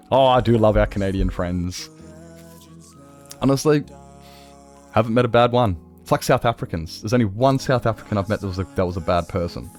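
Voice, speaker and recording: A young Australian man chats loosely through a live game stream, rambling from one thought to the next. He is blunt and swears without a second thought, at an ordinary middle pitch. Soft music hums quietly behind him. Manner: rambling, blunt, swears freely, chatty with viewers. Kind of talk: casual live-stream chat.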